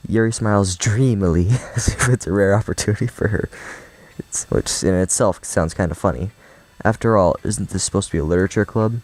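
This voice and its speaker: Very low-voiced man reading a game. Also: a little fast, a little mellow, poor audio. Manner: casual, joking asides. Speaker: let's play host. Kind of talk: reading a visual novel aloud with commentary.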